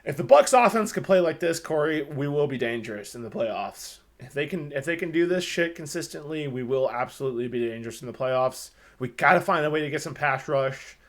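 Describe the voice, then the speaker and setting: A man co-hosting a casual sports podcast, excitable and rambling, swearing often as he talks. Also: a little high, brisk, few pauses. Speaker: podcast co-host.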